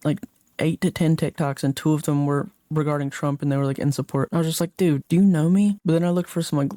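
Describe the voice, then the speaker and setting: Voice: medium pitch, little pitch movement, fast, mellow, no room sound, studio quality. A young adult livestreamer chatting casually late at night while gaming, rambling and reading chat comments aloud before answering them.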